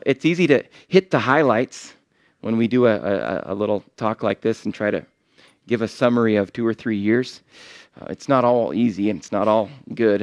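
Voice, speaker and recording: Man, missionary sermon in a church, earnest, halting, lots of um and restarts, mid pitch, dry sound. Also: no echo. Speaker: visiting missionary.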